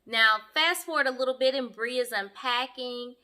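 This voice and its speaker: Brief: lively young woman reviewer, bright sharp voice, a touch high, sassy and direct. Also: moderate pace. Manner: sassy, animated, talks straight to viewers. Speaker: online show reviewer. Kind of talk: casual commentary.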